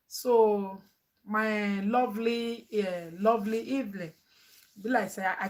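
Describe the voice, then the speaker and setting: A woman with a Nigerian accent, a mother chatting animatedly in a family vlog, laughing often and mixing English with pidgin. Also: medium pitch.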